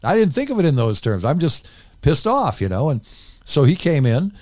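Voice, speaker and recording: A man's voice: a little high, very animated, normal speed, darkish tone, no room sound, clean studio sound. An older man, a former radio DJ, tells candid stories in a casual interview and rambles into many asides.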